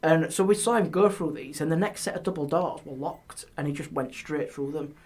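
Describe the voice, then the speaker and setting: A man, a guest on a podcast, telling ghost stories in a lively way and dropping his voice on eerie details. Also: fairly high pitch, brisk. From England. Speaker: guest, paranormal historian. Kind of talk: casual storytelling. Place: podcast studio.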